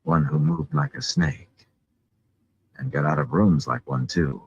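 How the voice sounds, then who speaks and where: An impatient young rogue snaps out his orders with exasperation, as a man reading a storybook puts him on, his low, husky voice swinging widely in pitch. The recording sounds dull and lo-fi. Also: sing-song, a little slow, full character voice. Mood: exasperated.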